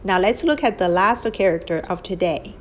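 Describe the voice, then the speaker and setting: A woman's voice: mid-range voice, expressive, moderate pace, slight background noise, rough recording. A woman teaching characters over a whiteboard recording, explaining patiently step by step and modelling tones aloud. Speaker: Chinese language teacher. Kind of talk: slow whiteboard lesson narration. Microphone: phone screen recording.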